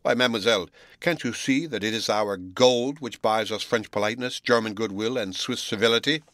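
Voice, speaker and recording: A man voicing a blunt, scornful Englishman who lectures and mocks, reading with loud, pointed emphasis. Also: lowish voice, fairly quick, no echo, studio quality, natural voice. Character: scornful, sneering blunt Englishman, adult male.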